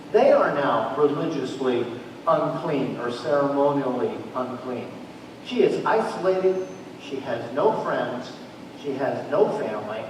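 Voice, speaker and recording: A male pastor preaching a sermon who retells a story with dramatic, building urgency. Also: high voice. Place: church sanctuary. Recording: echoey church hall, distant mic, faint noise.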